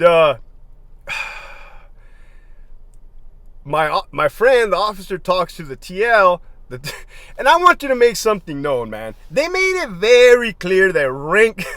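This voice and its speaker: Middle-aged man, ex-corrections officer, lively swearing storyteller, raised voice, dry close sound. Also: high-pitched, no echo. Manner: profane, laughing often, animated retelling. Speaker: former prison lieutenant telling stories. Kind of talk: casual storytelling monologue.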